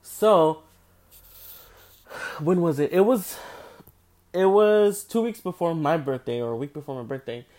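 A tired young man with a slightly high voice spins a rambling storytime. He swears freely, restarts often and stays animated. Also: unhurried, pauses often. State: tired, yawning. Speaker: vlogger telling a story. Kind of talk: casual storytime.

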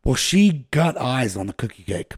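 A man's voice: mid-range voice, very animated, normal speed, breathy edge, no room sound, studio quality. A man casually telling a long, profane story to friends, rambling and laughing at himself. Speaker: podcast co-host telling a story.

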